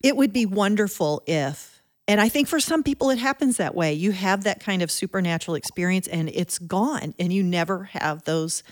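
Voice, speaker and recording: A woman interviewing a guest, asking thoughtful questions in a gentle manner. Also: mid-range voice, moderate pace.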